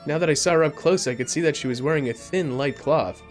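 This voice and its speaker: A man's voice: a little high, quick pace, hardly any pauses. A man streaming live, reading a game's story aloud and chatting casually between the lines. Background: game music.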